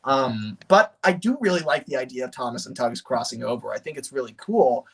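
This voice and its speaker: A man chatting casually on a livestream, rambling and animated, with many fillers and restarts. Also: medium pitch, a little fast, vocal fry, slightly rough. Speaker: streamer.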